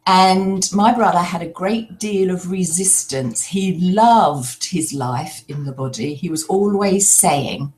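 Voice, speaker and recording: An older woman telling a personal story in a slow, reflective way, pausing often as she speaks. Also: fairly low pitch, darkish tone. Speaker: spiritual speaker.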